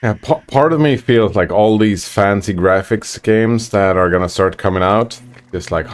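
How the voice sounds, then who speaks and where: A man's voice: on the low side, normal speed. A man streaming a game, chatting casually and reading out viewer messages in a laid-back way. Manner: laid-back, chatty, reads chat aloud. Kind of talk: casual gameplay commentary.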